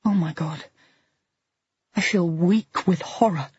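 A woman narrating a first-person audiobook with a husky, breathy tone and a tense, intimate delivery. The recording is dry and close, slightly dull at the top end. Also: lowish voice, slow, a little mellow, no echo.

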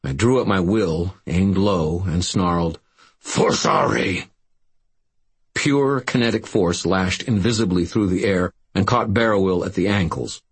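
A man reading a first-person story aloud as an audiobook narrator, telling it in a steady storytelling way. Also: deep voice, moderate pace, few pauses, slightly rough.

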